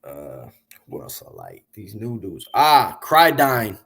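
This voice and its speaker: A man being interviewed, telling long, animated, profane stories about the music business in a casual way. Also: lowish voice, slow pace, slightly rough. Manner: animated, profane, rambling storyteller. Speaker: interview guest, music industry figure.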